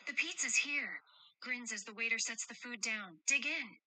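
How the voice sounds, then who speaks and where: Woman playing a gentle, teasing guardian of two kids, bright dry voice, reads her own actions aloud. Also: fairly high pitch, steady tone, moderate pace, no echo, low-quality recording. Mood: tender, playful. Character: caring adult woman protecting two children. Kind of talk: role-play chat read aloud with stage directions.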